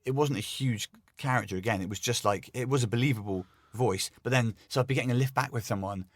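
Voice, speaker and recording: Fast-talking comedian man. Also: mid-range voice, no echo, clean studio sound. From England. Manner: rapid, self-deprecating storytelling. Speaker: comedian guest. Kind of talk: casual anecdote telling.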